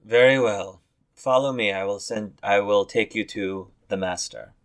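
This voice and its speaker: A man's voice: fairly low pitch, measured pace. A man voicing an old male elf servant who speaks in a stiff, polite, formal way. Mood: deferential.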